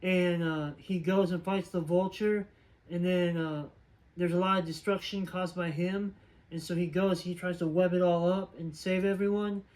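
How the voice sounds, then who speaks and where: A man's voice: high voice, steady tone, moderate pace, darkish tone, rough recording. A man casually recapping a movie's plot as a reviewer, rambling along with lots of filler words. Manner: rambling, filler-heavy retelling.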